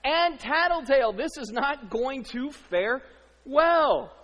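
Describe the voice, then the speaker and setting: A man preaching a sermon in a lively, conversational way, acting out the lines of the people he describes. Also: extremely high pitch, slow pace, in a large hall. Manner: animated, conversational, acts out quotes. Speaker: pastor.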